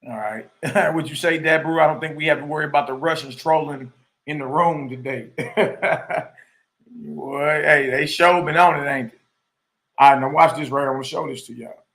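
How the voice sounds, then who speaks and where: A man's voice: fairly high pitch, moderate pace, gravelly, fairly bright tone. A man hosting a live stream, chatting casually and reading a document aloud with loose asides.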